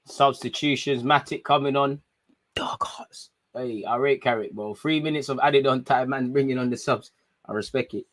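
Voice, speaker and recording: A young man gives casual, excitable live commentary to viewers during a football watchalong stream. He talks in slangy street speech with a brisk, mid-range voice.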